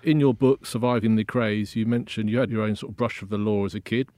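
A man, asking calm prompting questions as an interviewer. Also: lowish voice, fast, no echo.

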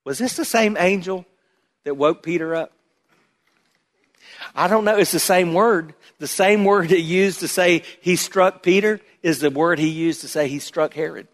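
A man delivers a sermon as pastor, his voice sitting a little high for a man. He swings dramatically between loud, emphatic bursts and hushed, low asides. The sound rings out with long reverb, as in a large church sanctuary. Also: unhurried.

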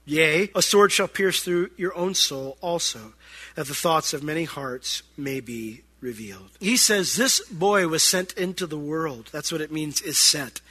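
A man's voice: fairly high pitch, animated, measured pace, sharp tone, breathy edge. A man, a pastor, giving a conversational sermon with acted-out asides from everyday family life.

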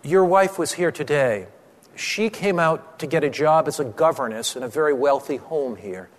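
A man voicing an eager young pastor with a lively, urging delivery, inside a sermon. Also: a little high, normal speed, voice pushed down, lightly acted. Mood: excited. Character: kind young male pastor, eager and warm. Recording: long hall reverb.

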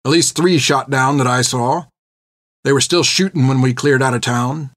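A gruff, street-wise older wagon driver with a folksy drawl and clipped words, as a male narrator puts him on. His voice sits a touch higher than the narrator's own. The recording is dry and close. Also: moderate pace, dry recording, natural voice. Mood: grim.

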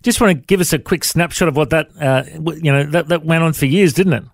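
A man's voice: fairly high pitch, fast, no echo, studio quality. A man hosting an interview, enthusiastic and stumbling over restarts. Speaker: interview host. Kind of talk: interview chat.

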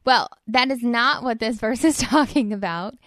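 A woman's voice: a little high, moderate pace, fairly bright tone, no echo, studio quality. A woman co-hosting a faith podcast, explaining Bible verses in an earnest, conversational way. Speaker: podcast co-host. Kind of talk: casual faith podcast discussion.

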